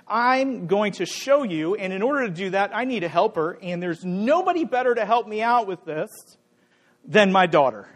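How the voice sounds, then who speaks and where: A middle-aged pastor with a fairly high, light voice for a man. He preaches in a relaxed, playful way and jokes with the people in the pews. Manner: conversational, playful, jokes with the congregation. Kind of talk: sermon with a live demonstration.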